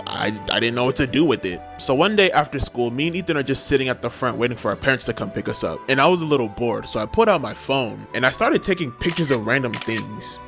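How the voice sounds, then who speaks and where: In a storytime vlog with music playing behind him, a man in his twenties recounts a funny story from his childhood. He uses slang and lots of emphasis, and his voice is medium-pitched with a fairly bright tone.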